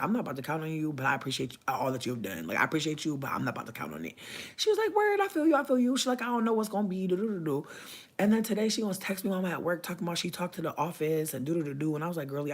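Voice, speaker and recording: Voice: mid-range voice, husky. A young adult vlogger telling a story in a casual rant, venting animatedly with heavy slang and cursing.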